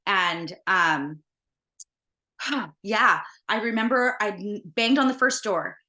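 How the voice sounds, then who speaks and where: A woman's voice: mid-range voice, slow, bright, forceful tone. A woman host earnestly retelling a personal story in a conversational way. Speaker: podcast host.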